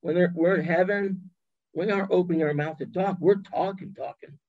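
A man who is a guest on a podcast, telling stories in an animated way and acting out the voices of the people he quotes. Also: high-pitched, fairly quick, phone-quality sound. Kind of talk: storytelling in an interview chat.

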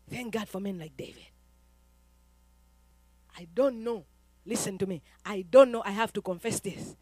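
A woman's voice: fairly high pitch, no echo. Fervent woman preacher. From Uganda. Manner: fervent, swings from quiet to shouting. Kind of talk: sermon.

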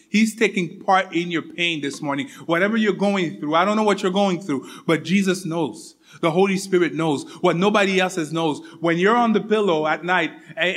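A man preaching a sermon, repeating his points with emphasis and often dropping to a soft, intimate tone. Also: sits high.

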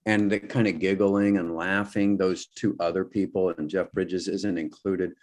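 A man with a somewhat low voice talks casually with friends. He describes a film scene loosely and animatedly, peppering it with "kinda" and "like.". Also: little pitch movement, normal speed, a little mellow. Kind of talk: casual chat.

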